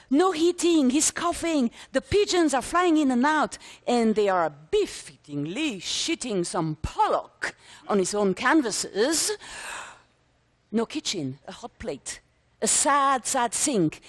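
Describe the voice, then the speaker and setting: A woman in her sixties performs a story on stage. She is theatrical and emphatic, piling up vivid lists and repeating words for effect. Her intonation leaps about a great deal, in a slightly high voice. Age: 60s. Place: conference stage before a live audience.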